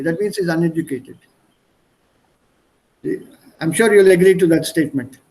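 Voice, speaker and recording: A man's voice: fairly high pitch, normal speed, a little mellow, poor audio. A man with an Indian accent teaching an online German class, explaining words through strings of English synonyms. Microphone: video call.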